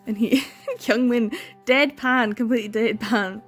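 A young woman chatting casually at home in a reading vlog, gushing and excitable, laughing and sighing often. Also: fairly high pitch, a little slow, faint music behind. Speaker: book vlogger.

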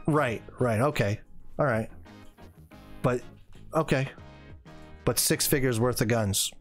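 A man's voice: medium pitch, a little slow, pauses often, soft background music. A man in his forties hosting a casual gaming livestream, rambling and getting worked up as he chats. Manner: rambling, gets worked up, then apologizes. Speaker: livestream host.

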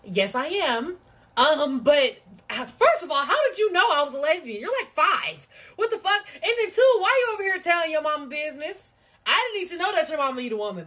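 A woman telling a story in a casual video, animated and indignant. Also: high voice.

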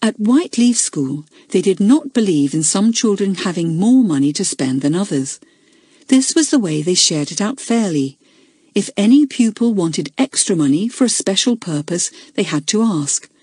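A woman narrating a children's school story, measured and clear in delivery. Her voice is soft and breathy, recorded close and dry with no room sound. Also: medium pitch, expressive, no room sound. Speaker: audiobook narrator. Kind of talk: scripted audiobook narration.

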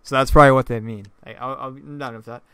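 A man's voice: mid-range voice, fairly even intonation, fast, fairly bright tone, smooth, no room sound. A man giving casual, joking commentary over his own gameplay, laughing often and stumbling over his words. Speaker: gaming YouTuber.

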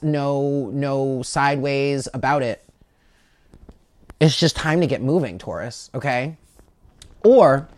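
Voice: mid-range voice, dry recording. A tarot reader giving a casual monthly reading to the camera, chatty, often checking in with the listener and stumbling over repeated words.

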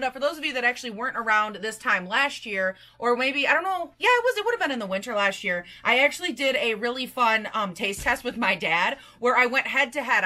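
A woman's voice: on the high side, bright, forceful tone. A young woman in her twenties filming a casual baking vlog in her home kitchen, talking to viewers in a goofy, bubbly way with sing-song asides, picked up by a camera propped on the counter. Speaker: vlogger.

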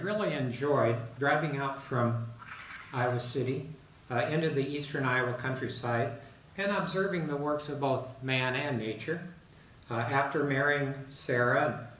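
A man giving a talk to an audience on an artist, pausing often with uh and um. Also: mid-range voice, a bit bright, slight background noise. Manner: halting, with many uh and um fillers. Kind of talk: presentation to an audience. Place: hall in a retirement residence. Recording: roomy hall, mic at a distance.

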